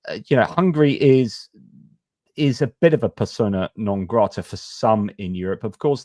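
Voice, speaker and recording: A man's voice: deep voice, a little mellow, no room sound, studio quality. A man hosting a live discussion stream, talking casually and rambling with fillers and restarts.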